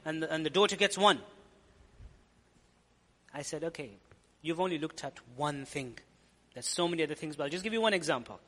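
A man preaching in a bright, high voice, explaining points earnestly and repeating lines to drive them home. His voice rings out with a long reverb, as in a large hall. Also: a little fast, pauses often. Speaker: Islamic preacher. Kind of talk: sermon lecture.

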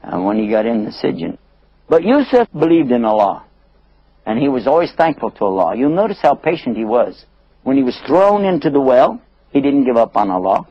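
A male storyteller recounting a religious tale for children with lively, swooping intonation. His voice is husky and gravelly. The recording is dry and dull, with no room sound. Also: mid-range voice, brisk, dry recording. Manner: animated, plays many voices, asks the listeners.

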